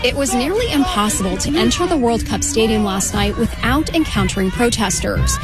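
A woman radio reporter reading a scripted news report in a measured, even way. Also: fairly high pitch, over music.

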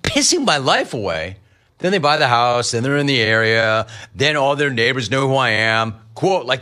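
A middle-aged man hosting a sports talk radio show, riffing lively on callers and the news. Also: medium pitch, normal speed. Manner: lively, riffing, mock-quoting callers and family.

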